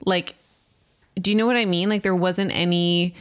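A woman's voice: fairly low pitch, fairly even intonation, moderate pace. A woman co-hosting a casual podcast with her partner, telling a story with lots of quoted dialogue and filler words. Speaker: podcast co-host. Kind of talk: casual couple chat.

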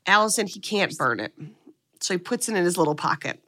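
A woman's voice: on the low side, lively intonation, brisk, fairly bright tone. A woman co-hosting a podcast, recapping a movie in casual chat and swearing freely as she tells the story.

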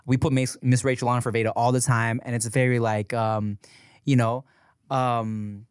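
A man's voice: medium pitch, little pitch movement, a little fast, clean tone, dry recording. A man co-hosting a podcast, telling stories in a rambling, laughing, salty way. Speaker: podcast co-host. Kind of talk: casual comedic chat. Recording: dry close studio mic.

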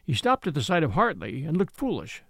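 Expressive male story narrator. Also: a little high, brisk, creaky, breathy edge, no echo, studio quality. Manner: expressive, animated reading.

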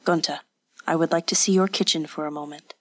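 A woman voicing a calm, watchful male village official who speaks in a measured, firm way in an audiobook. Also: low-pitched, no room sound.

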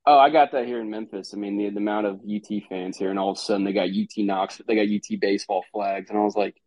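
A man's voice: lowish voice, quick pace, no room sound. A man, a former college ballplayer telling stories casually and acting out quotes. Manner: animated, rambling, acts out quoted exchanges. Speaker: former college baseball player, guest. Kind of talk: casual podcast storytelling. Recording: dull lo-fi sound, dry.

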